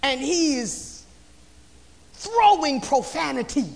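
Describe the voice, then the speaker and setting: High-voiced, slow, impassioned preacher. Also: lively intonation, gravelly. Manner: impassioned, swinging between shouted lines and hushed passages; repetitive, rhythmic build-up of phrases. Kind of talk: sermon. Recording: long hall reverb.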